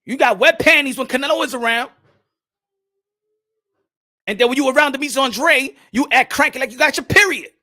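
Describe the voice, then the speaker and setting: Young dude ranting on a boxing stream, high voice, cusses a lot, super animated. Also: male voice, brisk, pauses often. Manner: animated, swears freely. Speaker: boxing commentator host. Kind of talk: livestream boxing talk, reading chat.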